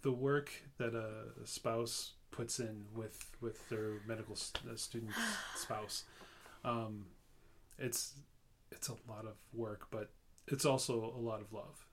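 A man in a casual chat who speaks haltingly and searches for his words, in the role of a medical school mentor. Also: lowish voice, steady tone, background noise.

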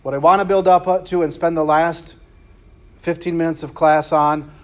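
Higher-voiced male preacher teaching scripture casually, keeps checking in with "right?". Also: fairly even intonation, moderate pace. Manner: conversational, peppered with "right?" and slangy asides. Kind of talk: casual Bible class lecture.

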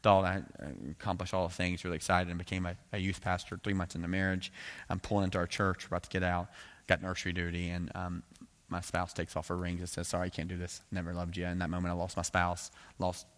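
A man's voice: low-pitched, level tone, fast, a bit bright. A man preaching a sermon, telling a candid personal story in a conversational way with many asides. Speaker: pastor.

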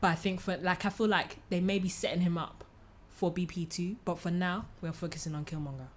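A woman's voice: fairly low pitch, brisk, a little hiss or hum. A young woman co-hosting a casual podcast, emphatic and slangy as she tells her view. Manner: emphatic, animated storytelling, slangy. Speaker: podcast co-host. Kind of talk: casual chat about films.

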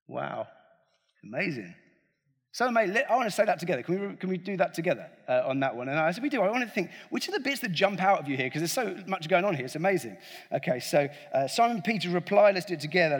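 Man, preacher, sermon, casual and joking, husky, somewhat high voice, long hall reverb. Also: big pitch swings, fast. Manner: conversational, joking, addresses the congregation directly.

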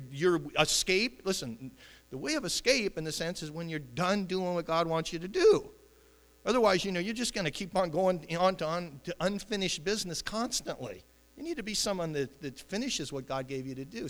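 A man preaching a sermon in an animated way, now and then acting out voices. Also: high voice, brisk. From United States. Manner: animated, acts out voices, chuckles. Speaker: pastor. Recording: long hall reverb.

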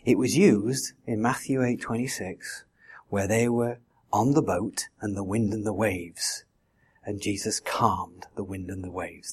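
A man's voice: on the low side, slightly rough. A man preaching a sermon in a conversational way, full of rhetorical questions. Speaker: pastor.

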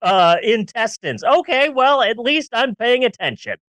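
A man's voice: extremely high pitch, very animated, a little slow, a bit bright, dry recording. A man co-hosting a casual movie-review podcast, ranting sarcastically and riffing with jokes. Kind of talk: casual comedic film review chat.

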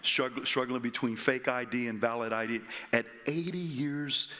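A man preaching a sermon, telling the story dramatically with sudden drops to a whisper and bursts into shouts. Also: medium pitch, fairly even intonation, normal speed.

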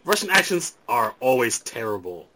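A man's voice: mid-range voice, sing-song, normal speed, background noise. A man hosting a podcast, chatting casually, swearing freely and laughing often. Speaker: podcast host. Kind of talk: casual profane banter.

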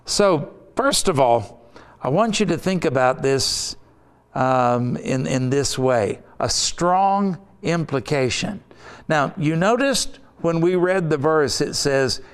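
A male pastor delivers a sermon in an unhurried, measured way, pressing each point home through repetition. His voice sits slightly high for a man and comes across smooth and resonant. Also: animated. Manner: deliberate, emphatic preaching with repetition.

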